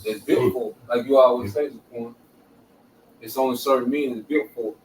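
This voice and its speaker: A man's voice: mid-range voice, steady tone, moderate pace, darkish tone, distant mic, a little hiss or hum. A man in a casual group discussion of scripture, speaking in street slang with profanity and often asking "you know what I'm saying". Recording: echoey room, voice from off-mic, faint ambience.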